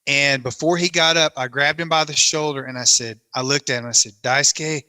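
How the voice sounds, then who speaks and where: A man with a sharp, tense, very bright voice tells a story on a podcast, lively and prone to bursts of laughter. The sound is close and dry, with no room around it. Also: medium pitch, fairly quick, clean tone, no room sound. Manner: animated, breaks into laughter often. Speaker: guest storyteller.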